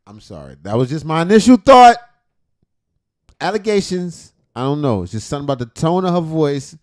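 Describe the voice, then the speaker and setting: A man's voice: medium pitch, a little mellow. A man hosting a comedic reaction commentary, with casual slang, joking asides and mock-serious murmurs. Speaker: commentary host.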